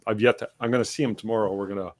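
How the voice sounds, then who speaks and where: A man's voice: lowish voice, steady tone, rapid-fire. A man hosting a casual photography chat over a video call, joking and teasing his co-host. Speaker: podcast host.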